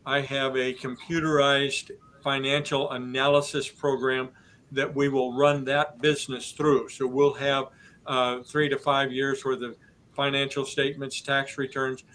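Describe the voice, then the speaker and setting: A man hosting a business podcast in a flat, unhurried tone. He walks through each step methodically and keeps his voice level throughout. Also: medium pitch, slight background noise, poor audio. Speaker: host.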